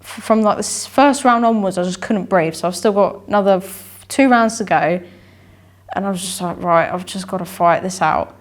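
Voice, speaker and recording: A woman's voice: mid-range voice, normal speed. A young woman, a boxer telling her story in an interview, rambling, repeating herself and acting out what she and others said. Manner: rambling, repeats herself, acts out her own inner voice and dialogue. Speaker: amateur boxer, interview guest.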